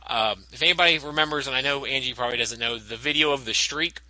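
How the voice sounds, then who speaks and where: A man's voice: medium pitch, fast talker, sharp tone, no room sound, low-quality recording. A man from the South, hosting a comedy podcast and telling stories with frequent laughter. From American South. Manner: laughing, playful storytelling. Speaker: podcast host. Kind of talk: casual comedic chat.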